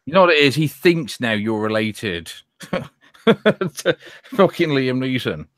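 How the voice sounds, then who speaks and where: A man's voice: mid-range voice, animated, measured pace, no echo, studio quality. A man hosting a casual podcast chat, teasing and sardonic, swearing freely. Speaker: host.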